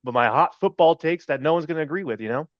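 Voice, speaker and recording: A man's voice: on the high side, fast talker, no room sound. A man co-hosting a sports podcast, jokey and playful, laughing often between his takes. His recording is dry with no room sound. The sound is a bit dull and lo-fi. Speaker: podcast co-host. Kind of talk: casual sports podcast chat.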